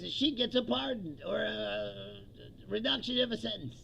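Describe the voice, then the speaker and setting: A man's voice: high voice, big pitch swings, normal speed, gravelly, sharp tone, slight background noise, low-quality recording. A male comedian ranting about politics, profane and mocking, laughing often and acting out what others said. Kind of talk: stand-up style political rant.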